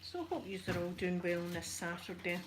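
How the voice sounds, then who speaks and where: A Scottish woman making a casual, soft-spoken ASMR chat video at home while ironing, rambling and poking fun at herself. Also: lowish voice, expressive, a little fast, noisy background. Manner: chatty, rambling, self-deprecating. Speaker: ASMR YouTuber.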